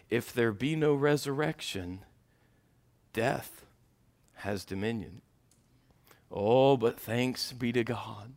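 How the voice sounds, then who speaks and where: High, bright-voiced preacher swinging loud and soft. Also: male voice. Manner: dynamic preaching, swinging from hushed to shouting. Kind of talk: sermon.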